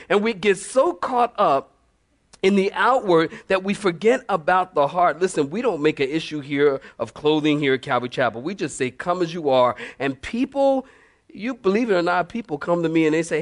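A man's voice: high-pitched, normal speed. A male pastor preaching a sermon, telling stories with humor, laughing often and mimicking church members. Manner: animated storytelling, mimics church ladies.

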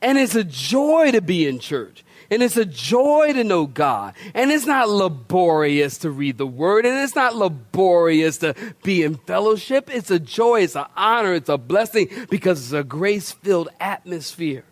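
High-voiced animated man preaching a sermon. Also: moderate pace, hardly any pauses, no room sound. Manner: animated, laughing asides, repeats words, colloquial. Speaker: pastor. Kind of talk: storytelling sermon. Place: church.

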